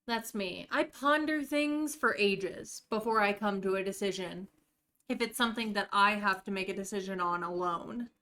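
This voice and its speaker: A woman's voice: mid-range voice, normal speed, pushed and bright. An American woman streaming a game live, chatting casually and talking to her viewers by name while she plays.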